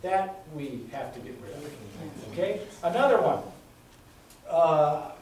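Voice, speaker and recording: Slow-paced and lively in intonation, this middle-aged man's slightly high, darkish voice carries his campaign speech for Congress, full of folksy stories and emphatic repetition. The recording, made from far off in an echoey indoor meeting room, has a faint hiss or hum.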